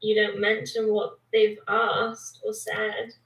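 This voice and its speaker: A woman's voice: medium pitch, completely flat delivery, slow pace, gravelly, fairly bright tone. A woman co-hosting a casual live chat, blunt and exasperated, often correcting the others. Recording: roomy, distant from the mic.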